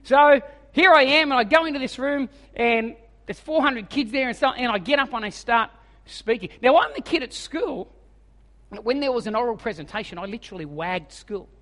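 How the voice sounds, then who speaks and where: A man's voice: very high voice, moderate pace, a bit bright, big-room sound. An Australian man in his forties preaching a sermon as a humorous, self-mocking storyteller. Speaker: evangelist preacher.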